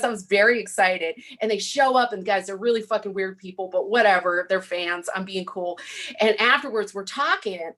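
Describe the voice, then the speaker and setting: A woman's voice: medium pitch, normal speed, fairly bright tone. A woman doing a stand-up set, telling stories in a brash, profane, punchy way. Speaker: stand-up comic.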